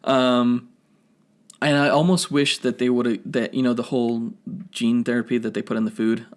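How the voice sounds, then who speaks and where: Speaking at a normal speed in a mid-range voice with little pitch movement, he co-hosts a podcast and talks through a film review. He rambles, corrects himself as he goes, and dwells on nerdy details in a casual way.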